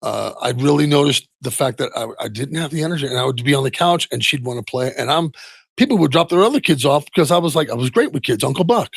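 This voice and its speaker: Middle-aged man, interview guest, husky gravelly voice, dry close sound, halting candid delivery. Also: medium pitch, lively intonation, no echo. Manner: halting, many restarts and soft trailing asides. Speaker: interview guest, retired football player. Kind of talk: candid personal storytelling.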